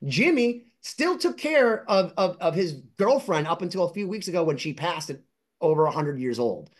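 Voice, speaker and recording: In a casual storytelling session, a man appears as an interview guest and collector, excitedly rambling through anecdotes and voicing other people's lines in high-pitched tones. He talks at a moderate pace.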